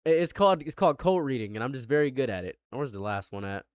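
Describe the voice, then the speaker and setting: A man's voice: medium pitch, very animated, quick pace, background noise. A man hosting casual commentary, talking loosely and boastfully and swearing freely. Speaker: commentary host.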